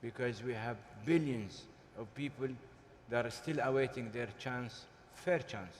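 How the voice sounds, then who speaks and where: Deliberate emphatic guy speaking on a panel, lots of uhs, echoey big hall. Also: medium pitch, slight background noise. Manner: deliberate, emphatic, with frequent hesitations. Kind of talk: panel discussion. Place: large conference hall. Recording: hall reverb, faint ambience.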